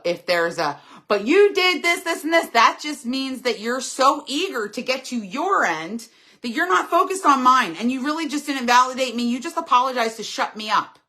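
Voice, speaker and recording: A woman's voice: fairly high pitch, sharp tone. A middle-aged woman hosting a casual live chat, reading viewers' comments aloud and answering them earnestly and candidly.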